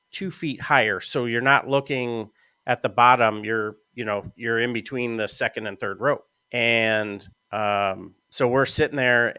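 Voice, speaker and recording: A man's voice: medium pitch, clean tone, no echo. A man chatting casually as a podcast host, telling long rambling stories and swearing now and then. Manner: storytelling, relaxed and rambling. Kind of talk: casual chat.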